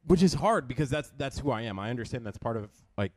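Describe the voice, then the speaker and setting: A man's voice: mid-range voice, expressive, quick pace, darkish tone, no room sound. A man co-hosting a radio show, chatting casually with teasing, thoughtful asides.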